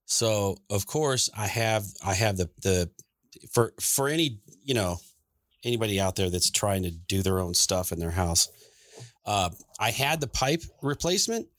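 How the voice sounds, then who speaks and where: A man's voice: lowish voice, lively intonation, unhurried, fairly bright tone, no echo, clean studio sound. A middle-aged man co-hosting a podcast, telling rambling stories in casual chat and laughing often. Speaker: podcast co-host.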